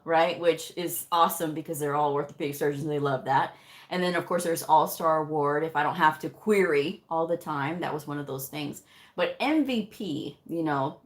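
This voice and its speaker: Animated woman storyteller with a lowish voice. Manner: animated, acts out dialogue in her stories, laughs often. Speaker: medical coding educator. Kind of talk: casual storytelling livestream.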